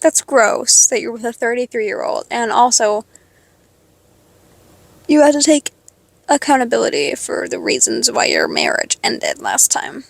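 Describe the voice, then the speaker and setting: An eighteen-year-old woman venting to her followers in a profane, sarcastic rant, jumping between loud outbursts and quiet mutters. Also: fairly high pitch, huge pitch swings, measured pace, creaky, dry recording. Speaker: vlogger. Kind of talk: venting to camera.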